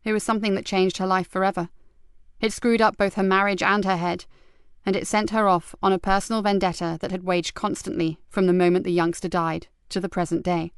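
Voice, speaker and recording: A woman narrating an audiobook mystery in a measured, even storytelling manner. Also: medium pitch, smooth, no room sound, studio quality. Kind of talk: scripted narration.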